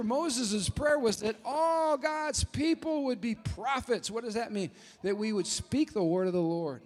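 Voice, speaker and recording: A high-pitched man preaches with fervent emphasis and sometimes breaks into shouts. His voice carries a long, ringing reverb from the big sanctuary. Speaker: pastor. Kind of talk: sermon.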